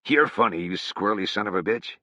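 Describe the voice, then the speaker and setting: A man's voice: fairly low pitch, animated, a little fast, sharp tone, no echo. A man voicing a blunt, plainspoken young man in a slightly raised voice, for an audiobook. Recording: dull, dry sound.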